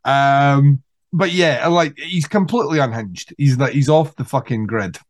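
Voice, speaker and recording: Animated man retelling film scenes. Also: mid-range voice, measured pace. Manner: animated, acts out scenes, swears. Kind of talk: casual film discussion.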